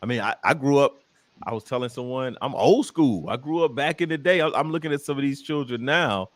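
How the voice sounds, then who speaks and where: This man from the American South, a comedian on a casual interview, speaks a little fast in a mid-range voice while telling lively, jokey tales. The recording is dry.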